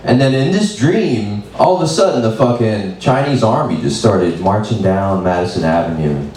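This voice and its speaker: A man doing open mic stand-up, laid-back and deadpan with lots of swearing. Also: fairly low pitch, normal speed, distant mic. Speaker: stand-up comedian. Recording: very echoey room, mic from afar, faint noise.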